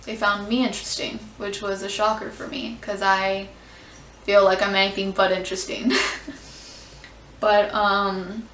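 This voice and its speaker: A young adult woman chatting candidly in a casual reaction vlog, expressive, swearing freely and filling with "like". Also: medium pitch, measured pace, a little hiss or hum. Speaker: vlogger. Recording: roomy sound, mic at a distance.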